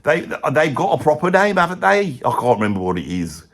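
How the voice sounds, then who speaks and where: A man's voice: a little high, sing-song, a little fast. A man with a Birmingham accent voicing a rambling, blokey older heavy metal fan in a comedy monologue, who keeps losing his thread. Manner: rambling, loses his thread, says bloody a lot. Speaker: comic pundit character.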